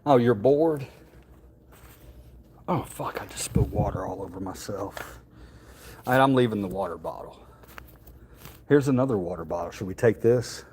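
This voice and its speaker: Holding his phone as he strolls through a museum, a man vlogs in a chatty, rambling way, joking and laughing often. His voice is lowish and animated at an ordinary pace, with long pauses, background noise and the echo and faint ambience of the halls.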